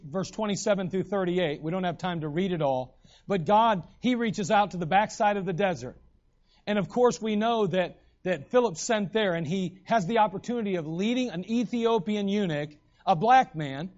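A man preaching a sermon in an animated way, acting out the voices in the stories he retells. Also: high voice, muffled recording.

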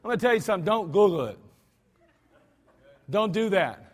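A man's voice: high-pitched, animated, moderate pace. A man preaching a sermon in a folksy, emphatic manner, with lots of repetition. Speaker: pastor. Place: church sanctuary. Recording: archived church service with long hall reverb.

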